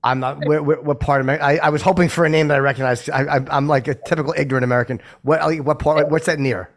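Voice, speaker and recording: Quick-talking guy host, kinda high voice, rambly curious questions. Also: fairly even intonation. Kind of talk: casual interview chat.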